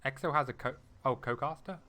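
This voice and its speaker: A young man giving solo live commentary on a strategy game match, excitable and quick to react, with frequent laughs. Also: medium pitch, slight background noise. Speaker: esports caster.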